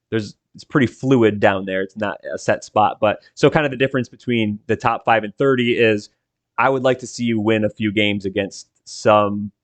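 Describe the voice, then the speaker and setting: Low-voiced Michigan man, podcast co-host, hedging and thinking aloud, dry close mic. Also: dry recording. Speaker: podcast co-host, poll voter. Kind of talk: casual sports podcast chat.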